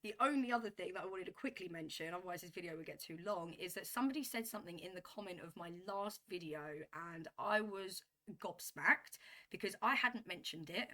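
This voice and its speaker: A woman telling a story to camera in a vlog, animated and emphatic, repeating herself as she builds a point. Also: fairly low pitch, fairly quick. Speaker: vlogger.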